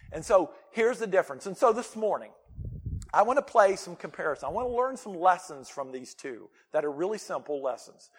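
A man preaching a sermon as pastor, talking in a conversational, emphatic way with playful asides. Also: high-pitched. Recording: long reverb of a large hall.

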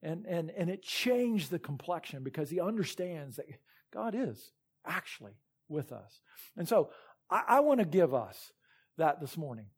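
High-voiced male pastor preaching. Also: big pitch swings, normal speed, breathy edge. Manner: earnest, retells scripture stories with rising emphasis. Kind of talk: sermon.

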